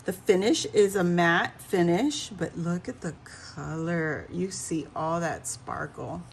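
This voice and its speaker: A woman's voice: lowish voice, slow pace, gravelly, a little hiss or hum. A woman vlogger gushing over a craft haul in casual chat, a bit out of breath and laughing often.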